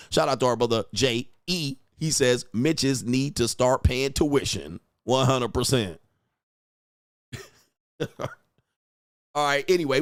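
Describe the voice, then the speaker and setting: A man in his forties hosts a livestream in a crude, boisterous rant, mocking his critics and reading viewer comments aloud. His voice sits at an ordinary middle pitch. The sound is dry and close, with no room echo. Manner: profane, boisterous, mocking, reads viewer chat. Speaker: livestream host.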